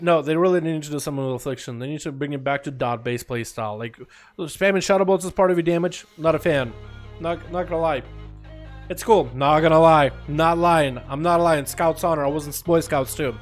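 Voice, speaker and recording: An American man hosting a live game stream, calling duels and chatting jokily with viewers. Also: on the high side. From United States. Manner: energetic, chatty, jokey with viewers. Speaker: streamer and duel host. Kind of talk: live game commentary and chat.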